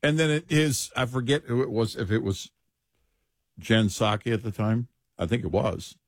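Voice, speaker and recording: A man co-hosting political talk radio with a mid-range voice. He is agreeable and chimes in with quick responses. The sound is dry and close. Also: medium pitch, no echo.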